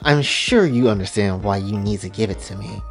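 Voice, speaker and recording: A man's voice: lowish voice, normal speed, creaky, faint music behind. A man voicing a scheming female villain who craves despair, speaking in a smug, commanding way in a casual retelling of a story.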